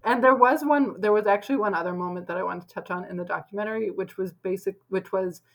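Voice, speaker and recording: امرأة شابة تدردش بعفوية مع حشو كثير. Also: female voice, mid-range voice, fast, rough recording. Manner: chatty, lots of "like" fillers. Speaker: podcast co-host. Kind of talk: casual chat.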